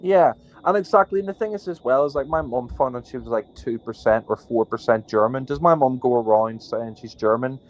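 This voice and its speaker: A man's voice: mid-range voice, brisk, few pauses, muffled recording. A man co-hosting a podcast, ranting indignantly with lots of fillers. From Northern Ireland. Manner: indignant, rambling with many fillers. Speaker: podcast co-host. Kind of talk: casual podcast rant.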